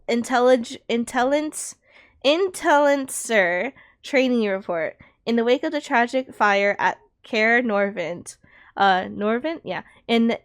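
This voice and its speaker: A young woman with a fairly high-pitched voice streams a video game, chatting casually and reading the in-game text aloud. She often corrects herself and laughs.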